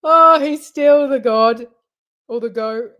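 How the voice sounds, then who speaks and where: A woman's voice: a little high, slow, a bit bright, highs cut off. A woman hosting a casual live chat, rambling and giggling as she talks. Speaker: livestream host.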